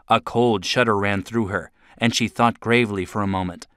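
Low-voiced man telling a kids' story. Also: steady tone, moderate pace, few pauses, a bit bright, smooth, no room sound, clean studio sound. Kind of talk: scripted narration of a children's story.

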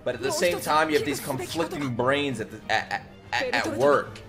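A man giving casual, excitable commentary while reacting to an anime, swearing, laughing and exclaiming often. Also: medium pitch, moderate pace, music in the background. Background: anime soundtrack playing.

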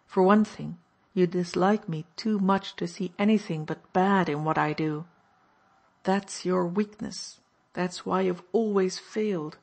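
A woman reading an audiobook, voicing a calm male soldier who speaks quietly and patiently. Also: on the low side, measured pace. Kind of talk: audiobook narration.

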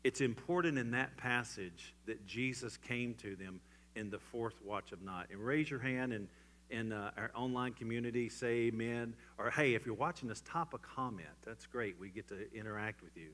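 A man preaching a church sermon, swinging from loud emphatic lines to hushed, quiet ones. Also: medium pitch, moderate pace. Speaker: pastor. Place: church sanctuary.

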